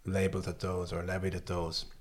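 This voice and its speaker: Irish man, low voice, reflective co-host, restarts his phrases. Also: completely flat delivery, fairly quick, slight background noise. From Ireland. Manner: thoughtful, frequent restarts. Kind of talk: casual discussion.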